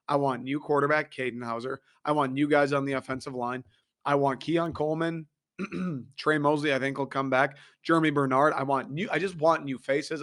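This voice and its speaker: A man's voice: mid-range voice, a bit bright. A young man in his twenties hosting a casual sports podcast, ranting, swearing and laughing as he goes. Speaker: podcast host.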